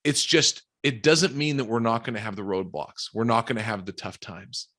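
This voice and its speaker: A man's voice: mid-range voice, lively intonation, moderate pace, a bit bright. A man speaking as a podcast guest, earnest and encouraging in casual conversation.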